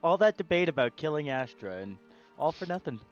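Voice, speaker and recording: A man's voice: fairly high pitch, big pitch swings, a little fast, faint music behind. A man playing in a tabletop game, chatting and speaking in character. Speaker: player. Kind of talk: tabletop role-play. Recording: dull lo-fi mic.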